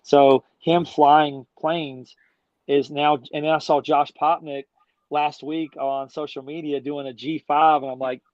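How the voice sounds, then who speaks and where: A man's voice: fairly high pitch, level tone, unhurried, a little mellow, no room sound. A middle-aged man talking as a guest in a casual interview, an enthusiastic, slangy storyteller who rambles along. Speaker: guest, business founder. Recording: dull dry lo-fi sound.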